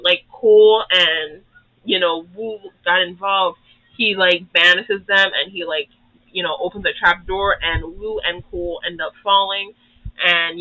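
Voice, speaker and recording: Youtuber rambling thru a cartoon recap, lots of "like" and "you know", tinny phone-ish sound. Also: bright, forceful tone. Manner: briefly acts out characters' lines in higher pitch.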